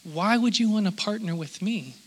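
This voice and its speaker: Earnest high-voiced male pastor. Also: animated, normal speed, breathy edge, rough recording. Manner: earnest, conversational preaching. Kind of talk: sermon.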